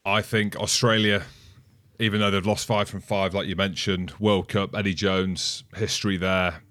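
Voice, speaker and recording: Low-voiced rambling man, dry sound. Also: fairly even intonation, normal speed, a bit bright, no room sound. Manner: rambling, thinks aloud with restarts. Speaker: podcast co-host, pundit. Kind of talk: casual sports chat.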